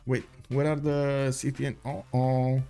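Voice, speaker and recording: Over soft background music, a man casts a strategy game match live in a mid-range, flat, slightly slow voice with vocal fry and a mellow tone. He rambles with many fillers, reads chat messages aloud, and says his voice is going.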